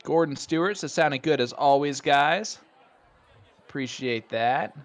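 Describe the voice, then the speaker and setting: A man with a Hoosier accent doing live darts commentary, chatty and excitable, laughing often. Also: a little high, unhurried, some chatter behind. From Indiana.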